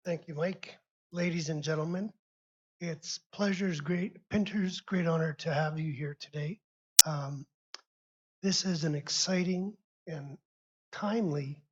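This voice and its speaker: Male sponsor rep with a husky voice, halting delivery, dull lo-fi recording. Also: fairly high pitch. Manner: halting, stumbles over words. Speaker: sponsor representative. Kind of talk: short formal remarks. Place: convention session room. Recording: dull lo-fi sound.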